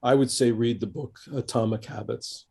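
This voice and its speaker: A man in his fifties, a coach being interviewed on a podcast, speaking thoughtfully and haltingly with many restarts and fillers. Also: mid-range voice, fairly even intonation, vocal fry, warm tone, slightly rough. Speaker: executive coach, guest.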